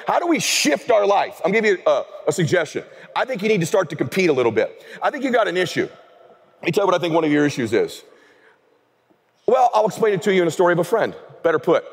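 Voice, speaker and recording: A man delivering a motivational keynote in an energetic, emphatic storytelling manner. His voice sits a bit high for a man and carries a husky grain. The recording has the long echo of a large hall. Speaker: keynote speaker. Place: large event stage.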